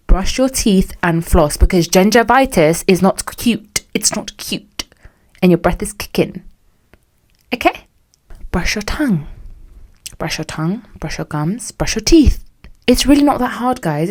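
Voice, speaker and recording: A woman's voice: on the low side, a little mellow. A young adult woman hosting a solo podcast, ranting dramatically and sassily, acting out little scenes. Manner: dramatic, sassy, acts out quotes. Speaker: podcast host.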